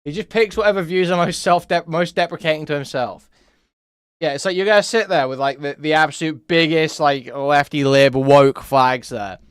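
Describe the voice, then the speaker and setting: Brief: sarcastic male streamer, a bit high-pitched, dry booth sound. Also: normal speed, smooth, no room sound. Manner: blunt, profane, sarcastic. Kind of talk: live stream reaction commentary.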